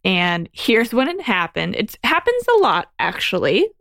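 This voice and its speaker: A woman's voice: mid-range voice, a little slow, no room sound. A woman guest on a podcast, candidly telling a personal story in casual conversation. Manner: candid storytelling, animated when quoting herself.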